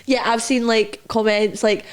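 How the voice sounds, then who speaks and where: A young woman with a Scottish accent, co-hosting a podcast and telling lively stories full of acted-out quotes. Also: a little high, a little slow, a little hiss or hum. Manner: lively storyteller, acts out quotes. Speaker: podcast co-host. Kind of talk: casual chat.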